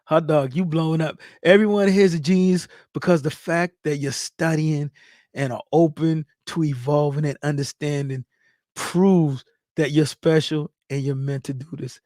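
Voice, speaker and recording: Hyped male streamer giving shout-outs. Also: fairly high pitch, dry recording, studio quality. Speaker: livestream host. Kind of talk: casual livestream chat reading viewer comments.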